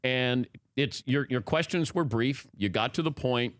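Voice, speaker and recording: A man's voice: medium pitch, unhurried, no room sound. A man hosting a radio show interview, asking brief, curious questions in casual chat.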